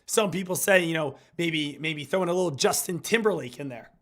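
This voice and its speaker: A hoarse man, getting over an illness, giving hyped, repetitive live market commentary as a stock trading streamer. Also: on the high side, brisk, fairly bright tone.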